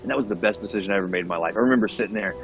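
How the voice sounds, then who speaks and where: Fast-talking earnest man telling his story. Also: on the low side, lo-fi sound, faint music behind. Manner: earnest, animated, keeps checking in with "right?" and "you know what I mean?"; repeats and restarts words when going fast. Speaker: podcast guest sharing his recovery story. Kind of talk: casual conversational storytelling.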